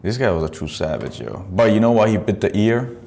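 Man hosting a podcast, low voice, lively swoops, cursing, laughing, faint background noise. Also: fairly quick, gravelly. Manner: profane, laughing, rambling. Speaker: podcast host. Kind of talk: casual commentary on videos.

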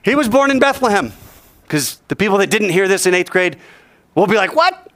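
A male teacher giving an animated classroom lecture, quizzing the class and joking as he goes. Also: sits high, brisk, no echo.

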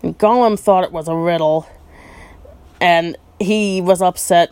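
Female reader, slow and lowish, relaxed read-aloud with chatty asides and ums. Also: clear, resonant tone, dry recording. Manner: thoughtful, musing asides, frequent ums. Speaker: storyteller. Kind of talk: reading a book aloud with asides.

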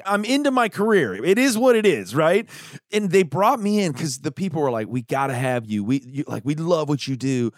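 A man's voice: fairly high pitch, dry recording, clean studio sound. A man hosting a podcast who chats with his guest and swaps in his own stories. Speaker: podcast host. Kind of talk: conversational interview.

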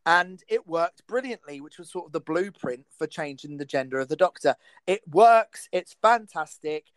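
A man's voice: a little high, expressive, normal speed, dry recording. A man hosting a podcast in casual chat, emphatic and enthusiastic, laughing often. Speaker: podcast host.

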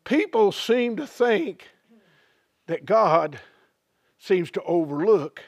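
A man preacher delivering a sermon through dramatic storytelling, drawing phrases out slowly and dropping his voice low. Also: expressive, creaky, no echo, clean studio sound.

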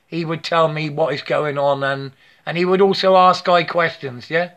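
Rambling high-voiced man in his fifties. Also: steady tone, normal speed, fairly bright tone. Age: 50s. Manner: profane, repetitive, keeps asking "yeah?". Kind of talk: rambling spiritual monologue.

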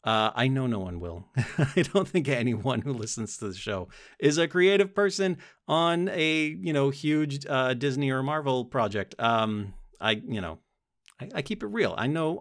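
A young man hosting a casual solo podcast, rambling excitedly about a show, swearing often and laughing between thoughts. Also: mid-range voice, normal speed. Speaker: podcast host.

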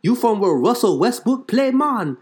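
Man doing a beach fish seller, raised pitch, louder, upbeat and pushy. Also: very animated, moderate pace. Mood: eager salesy. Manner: upbeat, eager sales patter. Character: friendly male Jamaican beach fish vendor.

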